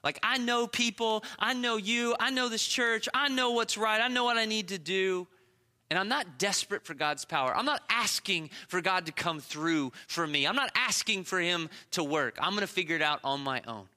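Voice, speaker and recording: A man in his thirties delivers a sermon in a church, with a bright, ringing tone and a voice that sits a little high. He preaches in a chatty, animated way, stopping to act out everyday scenes and poke fun at himself. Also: moderate pace. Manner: animated, conversational preaching with self-deprecating asides and acted-out examples. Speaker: pastor. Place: church sanctuary.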